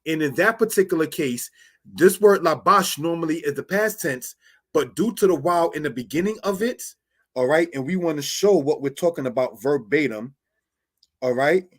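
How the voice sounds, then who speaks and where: A man teaching Bible Hebrew in a slow, repetitive way, often asking "all right?" and calling listeners brothers and sisters. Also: on the high side, animated. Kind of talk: screen-share Hebrew lesson.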